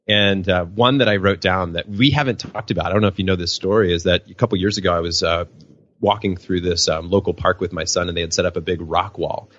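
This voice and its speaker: As a podcast guest who speaks professionally, a man answers an interview question with animated personal stories, raising his voice to act out quotes. He has a low voice and a quick pace, and the lo-fi sound carries no echo.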